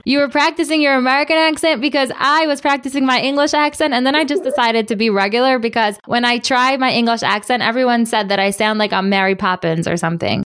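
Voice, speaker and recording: A woman's voice: on the high side, quick pace, few pauses, a bit bright, clean tone. Enthusiastic woman hosting a kids' panel. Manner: enthusiastic, encouraging, exclaiming; sprinkles Yiddish and Hebrew words. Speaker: host interviewing children. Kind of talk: friendly children's panel interview.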